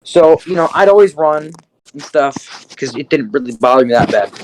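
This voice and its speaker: A man's voice: a little high, expressive, normal speed, slight background noise, low-quality recording. A teenage man co-hosting a podcast, telling a rambling school story in casual, profane chat full of fillers. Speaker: podcast co-host.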